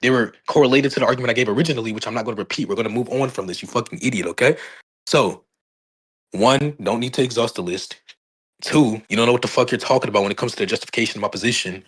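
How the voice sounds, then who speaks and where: A man debating over a phone mic, combative and insulting while insisting he is calm. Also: medium pitch, rapid-fire, breathy edge. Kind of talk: heated online debate.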